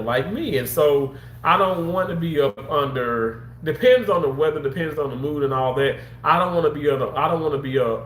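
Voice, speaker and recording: A man's voice: medium pitch, a bit bright. Guy rambling on his livestream, kinda under the weather, echoey room w faint hum behind. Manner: rambling, repetitive, talks straight to viewers. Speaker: livestream host. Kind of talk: casual livestream chat.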